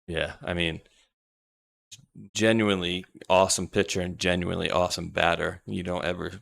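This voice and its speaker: A man's voice: low-pitched, level tone, normal speed, creaky, fairly bright tone. A man co-hosting a talk show, chatting loosely and rambling with sarcastic asides. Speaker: podcast co-host. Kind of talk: casual political chat.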